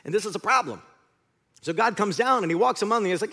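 A male pastor preaching a sermon, telling the story with lively acted-out voices. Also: high-pitched, fast. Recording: long hall reverb.

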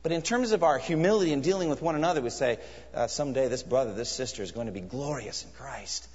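A man's voice: mid-range voice, expressive, quick pace, a little mellow. Man, preacher, earnest conversational sermon, restarts phrases, muffled lo-fi sound. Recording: dull sound with long hall reverb.

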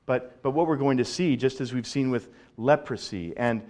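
A male pastor giving a sermon in a conversational, animated way, often repeating words as he builds a point. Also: mid-range voice, normal speed.

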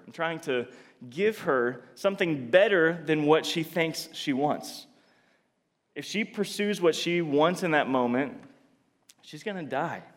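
A man preaching a sermon in an earnest, confessional way, often restarting his sentences and moving between soft and emphatic delivery. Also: a little high, in a large hall.

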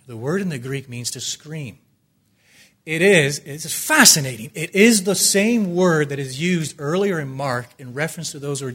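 A man with a medium-pitched, breathy-edged voice preaches a sermon, swinging from loud, ringing declarations down to hushed, pleading near-whispers.

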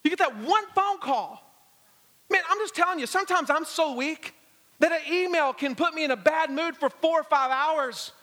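Male guest preacher, high bright voice, animated storyteller, big reverberant church hall. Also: moderate pace. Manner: animated storytelling with humor, acting out scenes. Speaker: guest pastor. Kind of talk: sermon. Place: church sanctuary. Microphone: handheld or stage microphone.

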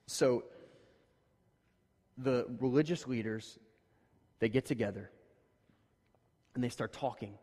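A man preaching a conversational sermon, telling stories casually and then pressing his points more loudly and emphatically. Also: mid-range voice, slightly rough. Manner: casual storytelling that rises to emphatic, louder points. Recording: long reverb of a large hall.

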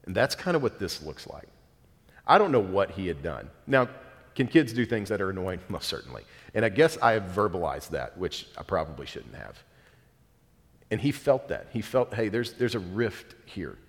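A man's voice: sits low, sing-song, moderate pace. A man in his thirties, a pastor preaching a sermon in a conversational, earnest way with self-deprecating asides. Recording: long reverb of a large hall.

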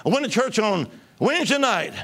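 Male evangelist from Alabama, bright high voice, exuberant shouting testimony sermon. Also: very animated, a little fast. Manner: shouting, exuberant, bursts of tongues.

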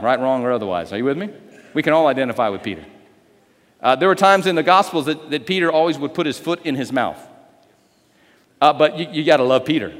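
A man preaching a sermon as pastor, lively and conversational, with call-and-response and sudden loud, drawn-out swells. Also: fairly high pitch, in a large hall. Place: church sanctuary.

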